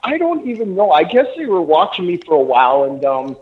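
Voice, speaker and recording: A man's voice: sits high, big pitch swings, brisk. A man from Canada, a treasure hunter calling in as a guest on a live radio show, talks in a joking, self-deprecating way. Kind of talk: casual interview on live radio. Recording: tinny phone line.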